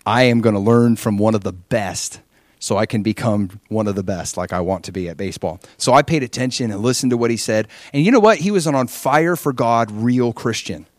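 A man from Hawaii preaching, telling his own testimony with animated storytelling and frequent rhetorical questions. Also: mid-range voice, fairly quick, no echo, studio quality. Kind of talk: testimony sermon.

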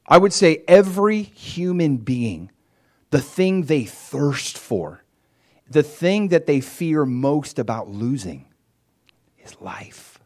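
Animated male preacher. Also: a little high, takes it slowly. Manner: animated preaching, acting out voices in retellings. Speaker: pastor. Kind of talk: sermon.

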